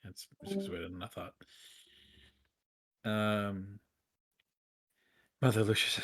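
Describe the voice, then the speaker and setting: A man narrating as game master, with halting speech and many fillers. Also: lowish voice, sing-song, fairly bright tone, breathy edge, no room sound.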